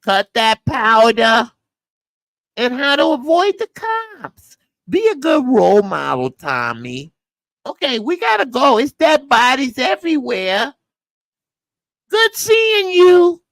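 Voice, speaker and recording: A man putting on a high falsetto woman's voice, bossily lecturing a gangster in a mocking tone. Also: very animated, slow pace, creaky, a bit bright, no echo, heavily acted. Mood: mocking bossy.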